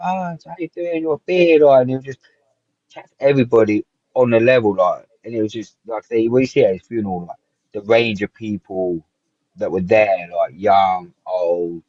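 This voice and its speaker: A man as a guest, telling stories in a lively casual way and acting out what others said. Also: lowish voice, dry recording, highs cut off. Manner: animated storytelling, acts out quotes, frequent "like". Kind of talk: casual reminiscing chat.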